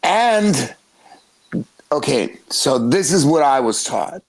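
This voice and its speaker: A middle-aged man, a jiu-jitsu coach, telling stories on a podcast in a profane, animated way with frequent laughter. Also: on the high side, takes it slowly, rough recording. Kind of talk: casual podcast storytelling.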